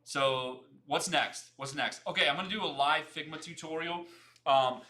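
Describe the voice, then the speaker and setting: A young man hosting a casual livestream, talking fast, repeating himself and greeting viewers by name as he chats. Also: a little high, pushed and bright. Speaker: livestream host.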